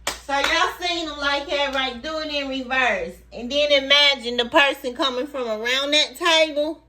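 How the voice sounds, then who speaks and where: A woman's voice: high-pitched, normal speed, bright, forceful tone, slight background noise. A woman vlogger telling a story straight to her viewers in casual, profane talk. She laughs often and acts out quoted lines with rising, emphatic repeats.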